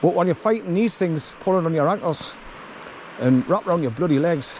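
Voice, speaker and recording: A man's voice: a little high, expressive, a little fast, darkish tone, slight background noise, low-quality recording. A tired man giving a blunt, swearing walking commentary outdoors on an overgrown rural path while calling to his dog. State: tired from wading through bracken. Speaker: vlogger.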